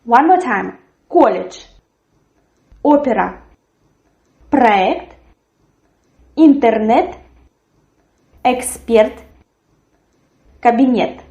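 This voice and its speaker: A woman teaching a language lesson, articulating words clearly and repeating them for learners. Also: fairly high pitch, expressive, drawn-out words, long pauses, dark tone, reverberant, muffled recording. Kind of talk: slow, careful language lesson.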